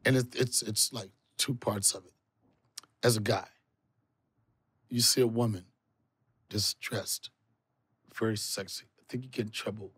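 A man hosting a podcast in a studio, talking in a casual comic way. His voice is husky, and it sounds dry and close to the mic. He swears freely and jumps his pitch way up for punchlines. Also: fairly even intonation, measured pace, long pauses, a bit bright, dry recording. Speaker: comedian podcast host. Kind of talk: casual comedic chat.

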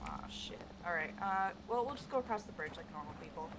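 A woman gamer in casual voice chat, excitable and joking as she plays. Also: on the low side, fast, a little hiss or hum.

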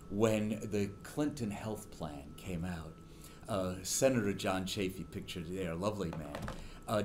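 A man's voice: deep voice, darkish tone, slight background noise. A middle-aged man, a political science professor, giving a university lecture and telling stories with many ums and restarts.

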